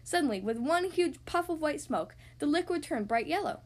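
A woman hosting a podcast who reads picture books aloud to young children, with gentle, expressive storytelling. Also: sits high, normal speed. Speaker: podcast host reading to kids.

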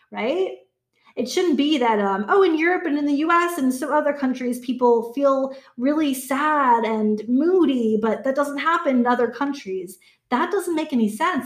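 A woman in her thirties talking candidly to her viewers, chatty, swearing freely and acting out her own inner voice. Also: fairly high pitch. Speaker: vlogger. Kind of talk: casual talk to camera. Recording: echoey room.

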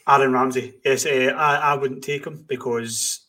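A man co-hosts a casual podcast in a flat, even voice. He gives blunt opinions and answers his own rhetorical questions. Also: mid-range voice, normal speed. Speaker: podcast co-host.

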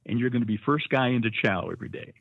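Brief: gruff drill sergeant, put on by an older man, gravelly, over a phone-thin line. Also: mid-range voice, quick pace, dry recording, phone-quality sound. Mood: barking. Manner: barking orders at recruits. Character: loud, harsh male Marine drill instructor.

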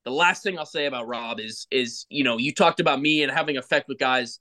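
A man's voice: mid-range voice, fairly quick, pushed and bright. A man hosting a podcast, speaking emphatically and with feeling in a rambling, casual chat. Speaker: podcast host, former ballplayer.

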